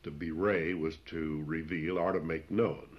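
A man preaching an expository sermon, explaining old scripture wording in plain speech with frequent pauses. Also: very deep voice, fairly even intonation. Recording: dull lo-fi recording.

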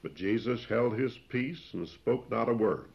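A man preaching an expository sermon, explaining old scripture wording in plain speech with frequent pauses. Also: medium pitch, animated, gravelly. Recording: dull lo-fi recording.

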